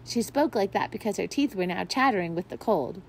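A woman reading a children's chapter book aloud, expressive and gentle with an occasional slip. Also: mid-range voice, a little fast, a little hiss or hum, poor audio. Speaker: volunteer reader. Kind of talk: storytime read-aloud.

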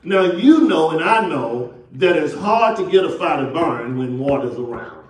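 Man, Southern accent, pastor, slow call-and-response sermon, echoey church, distant mic. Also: a little high, lively intonation. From Texas. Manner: call-and-response preaching, acts out quotes. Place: church sanctuary.

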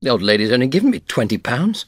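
A man's voice: mid-range voice, big pitch swings, quick pace, husky, no echo, voice pushed up. A man doing a gloomy, aggrieved captain. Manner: glum, complaining. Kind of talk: audiobook character voice.

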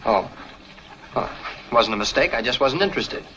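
A man's voice: mid-range voice, lively intonation, normal speed, bright, forceful tone, highs cut off, a little hiss or hum. An actor playing a flustered, earnest young man who stammers and repeats his words nervously, in a 1950s film comedy.

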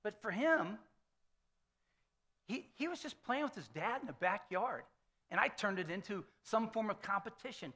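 A man's voice: sits high, lively intonation, moderate pace, pauses often, pushed and bright. A man in his fifties preaching a sermon as a pastor, telling stories in a conversational way and often checking in with the room. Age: 50s. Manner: conversational storytelling sermon, frequent "okay?" check-ins. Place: church sanctuary.

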